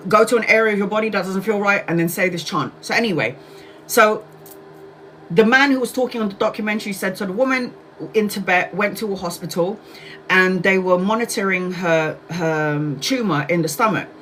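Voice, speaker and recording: A woman's voice: mid-range voice, a little fast, a bit bright, a little hiss or hum. A woman in her forties, a tarot reader hosting a casual livestream, telling a story in a chatty way, laughing often, swearing freely and acting out what people said. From Brazil. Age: 40s.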